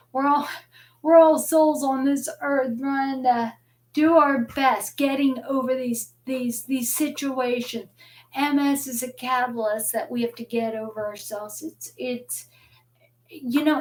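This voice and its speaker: A middle-aged woman hosting a live chat show from home into a webcam, talking earnestly with many halting restarts. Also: high voice, poor audio. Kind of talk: emotional live-stream chat.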